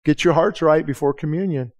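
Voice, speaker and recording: A man's voice: fairly high pitch, brisk, darkish tone. A man preaching a conversational sermon to his congregation, candid and emphatic, often repeating words and asking the room direct questions. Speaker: pastor. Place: church service.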